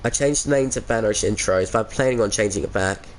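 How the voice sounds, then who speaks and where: Australian man, casual streamer, lowish voice, laid-back, chuckling, headset mic. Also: quick pace, slight background noise. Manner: laid-back, chuckling, calls everyone mate. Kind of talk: casual live-stream chat with viewers.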